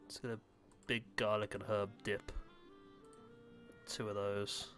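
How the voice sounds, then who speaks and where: A man's voice: fairly low pitch, level tone, slow, a bit bright, faint music behind. A man chatting casually while playing a game, joking, swearing and laughing often. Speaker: gaming video host. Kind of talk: casual chat while gaming.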